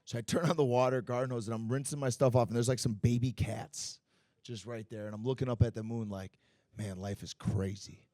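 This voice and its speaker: A man's voice: medium pitch, fast talker, no room sound. Guy rambling thru fight stories, swears a lot, lotta "like"s, dry sound. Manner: animated, profane storytelling full of fillers. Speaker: Muay Thai fighter and promoter, guest. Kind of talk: casual storytelling in a podcast interview. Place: bar and grill.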